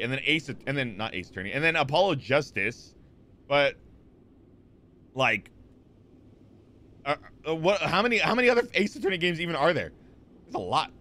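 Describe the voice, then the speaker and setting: A man's voice: mid-range voice, bright, forceful tone. A man in his twenties chatting casually on a live stream, rambling with lots of fillers and restarts as he answers chat.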